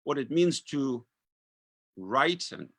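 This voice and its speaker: A man in his fifties from Russia with a Russian accent, giving a lecture that mixes reading with remarks, measured and full of uh fillers. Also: mid-range voice, lively intonation, fairly bright tone, no echo. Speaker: author giving a talk.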